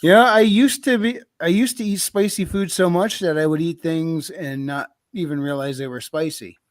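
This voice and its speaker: A man with a fairly high speaking voice tells casual stories and laughs at himself. The sound is dry and close, with no room around it. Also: moderate pace, no room sound. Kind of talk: casual chat.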